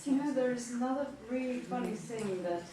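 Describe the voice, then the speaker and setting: Quiet woman, far off in echoey hall. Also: on the high side, lively intonation, a little fast, crowd noise. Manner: quiet, conversational remark. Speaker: course participant. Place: yoga hall, indoors.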